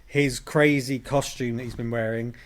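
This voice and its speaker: Relaxed man retelling a show. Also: mid-range voice, normal speed. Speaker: podcast guest. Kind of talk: casual chat.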